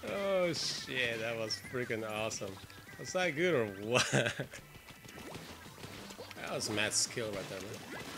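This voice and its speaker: A man giving excitable, swearing let's play commentary while he plays. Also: mid-range voice, takes it slowly, long pauses. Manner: excitable, swearing, trash-talking. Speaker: gamer. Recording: game music clearly behind voice. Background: game music.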